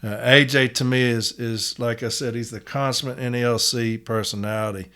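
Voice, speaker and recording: A man's voice: medium pitch, steady tone, moderate pace, pushed and bright. A man hosting a podcast, telling a story in a blunt, profane, casual way and acting out the people in it. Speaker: podcast host.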